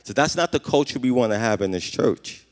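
A man's voice: mid-range voice, animated, fairly quick. A man preaching a sermon as a pastor, earnest, often repeating questions to his congregation. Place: church. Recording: reverberant hall.

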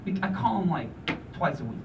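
Male preacher, 30s, casual and emphatic sermon delivery, high animated pitch, mic at a distance. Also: fairly quick, lo-fi sound, noisy background. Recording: voice from a distance with faint room ambience.

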